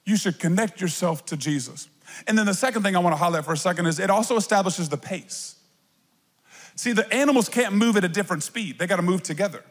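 Animated high-voiced man preaching in a hall. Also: quick pace. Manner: animated, acts out voices, playful asides. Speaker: pastor. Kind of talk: sermon.

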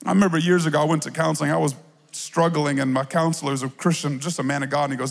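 Guy preaching a sermon, kinda high voice, big echoey church hall, acts stuff out. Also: rapid-fire, gravelly. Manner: animated, acts out voices, playful asides. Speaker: pastor.

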